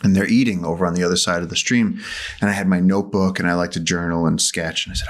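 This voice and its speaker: Podcast guest, male, lower voice, animated storyteller. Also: fast talker. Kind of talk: conversational storytelling.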